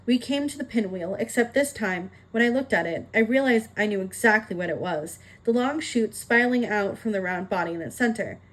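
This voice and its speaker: A woman reading a children's novel aloud, narrating in a steady, expressive way. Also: mid-range voice, a little fast, hardly any pauses, rough recording. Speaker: reader. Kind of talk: audiobook narration.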